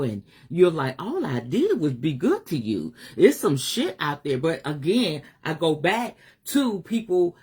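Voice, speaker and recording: A woman's voice: low-pitched, a little mellow, husky. A woman, talking heartfelt and unscripted on a livestream, weary at times, laughing at others, swearing freely. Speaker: spiritual life coach on a live stream. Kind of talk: emotional casual livestream monologue.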